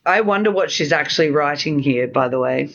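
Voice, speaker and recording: An Australian woman co-hosting a podcast, chatting casually about a film and acting out lines from it with animated energy. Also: sits low, fairly quick, vocal fry. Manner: animated, acts out characters' lines. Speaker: podcast co-host. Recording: slightly dull lo-fi sound.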